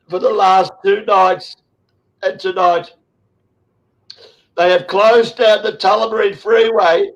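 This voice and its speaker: A man's voice: sits high, low-quality recording. An Australian man in his sixties hosting an impassioned online chat, emotional, swearing heavily and rambling with restarts. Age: 60s. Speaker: show host.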